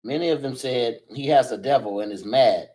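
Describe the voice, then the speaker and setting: A man reads scripture aloud during a Bible study. His voice has a middle pitch, and he reads steadily and plainly. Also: normal speed, poor audio. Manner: steady, plain King James reading. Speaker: scripture reader.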